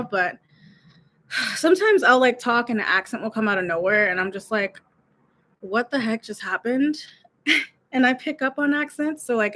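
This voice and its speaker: This young American YouTube coach talks in a casual talking-head vlog, rambling and giggling with plenty of "like" fillers. Her voice sits at a medium pitch with a fairly bright tone.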